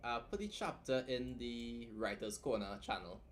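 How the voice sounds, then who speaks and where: With lively intonation and a moderate pace, this mid-range male voice belongs to a writing streamer teaching editing, worn out from a long stay-up. He keeps it loose and talkative, tacking "right?" onto his points, while soft music plays in the background.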